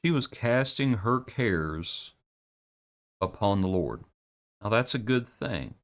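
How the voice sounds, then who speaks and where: A man with a low, deep voice teaches a daily devotional Bible lesson. He speaks in a reflective, halting way, often repeating a word and restarting his sentences as he works through a passage. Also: expressive. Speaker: preacher.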